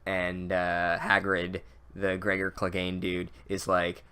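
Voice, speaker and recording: Male comic recapper, lowish voice, loose, sarcastic, swears a lot, stumbles and restarts mid-thought. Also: completely flat delivery, takes it slowly, sharp tone, smooth. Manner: sarcastic, profane, full of "like" and restarts. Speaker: comedic book recapper. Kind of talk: rambling comedic recap.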